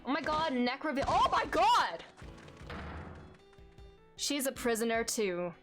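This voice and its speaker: A young woman streaming a game, reading it aloud and making excitable, sarcastic asides. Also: high voice, slow. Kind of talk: game playthrough commentary. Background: game music.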